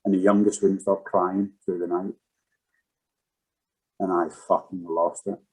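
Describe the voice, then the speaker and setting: Frank, lower-voiced man telling his story. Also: flat delivery, measured pace, a little mellow, breathy edge, low-quality recording. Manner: frank, swears freely. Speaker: podcast guest, former footballer. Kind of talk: candid conversational storytelling.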